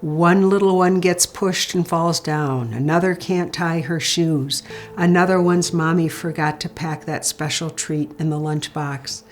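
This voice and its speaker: Calm low-voiced woman teaching. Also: unhurried. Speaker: grief support educator. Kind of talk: instructional talk.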